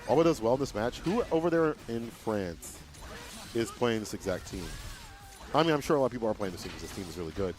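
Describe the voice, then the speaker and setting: A man co-hosting a fighting game watch party in a laid-back, slangy way, with animated reactions. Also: fairly low pitch, fast. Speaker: co-host commentator. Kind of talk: casual fighting game co-commentary. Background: music.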